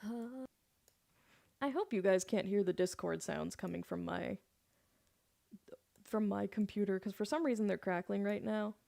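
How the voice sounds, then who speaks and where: A woman's voice: mid-range voice, unhurried, creaky, pauses often, warm tone, dry recording. A woman singer chatting casually on her live stream, giggly and loose, swearing now and then.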